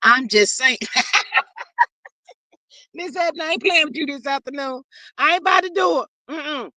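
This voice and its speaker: A woman hosting a livestream, reading viewer comments aloud in animated, gossipy chat and calling out to y'all. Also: high voice, moderate pace, dry recording. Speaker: livestream host.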